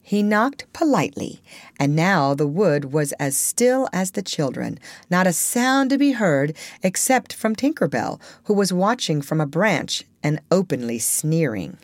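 A woman reading a children's classic aloud as an audiobook, in a measured, expressive storytelling manner. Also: on the low side, no echo. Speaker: audiobook reader. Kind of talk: scripted storybook narration.

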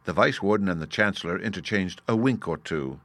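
A man reads a storybook aloud in a measured, expressive way. His voice is on the low side, and the sound is close and dry with no room around it. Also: dry recording. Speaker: narrator. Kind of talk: scripted storybook narration.

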